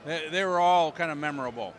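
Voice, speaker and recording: A man answering as a wrestling guest in plain, unhurried sentences. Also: fairly high pitch.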